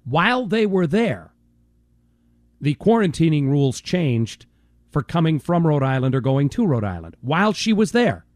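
A man's voice: on the high side, very animated, moderate pace, a little mellow, no room sound, studio quality. A man hosting a sports radio show, arguing his points emphatically and often repeating words as he starts. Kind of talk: casual talk radio debate.

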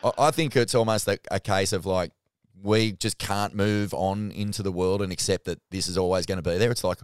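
A man co-hosting a podcast in casual chat, excitable and swearing freely. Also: low-pitched, fairly quick, clear, resonant tone, no room sound, studio quality. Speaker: podcast co-host.

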